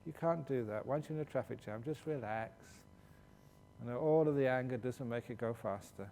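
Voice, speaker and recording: A man's voice: moderate pace, creaky, warm tone. A man, a Buddhist monk, answering questions at a meditation retreat in a humorous, storytelling way and laughing as he goes. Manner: humorous, laughs while telling stories. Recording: long hall reverb with faint low rumble.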